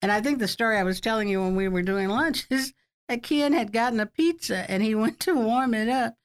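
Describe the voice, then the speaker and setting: An older woman speaking in a fairly high voice, reminiscing at length in an interview. She tells stories in a chatty way and often breaks into laughter. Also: fairly quick, clean tone. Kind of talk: oral history interview.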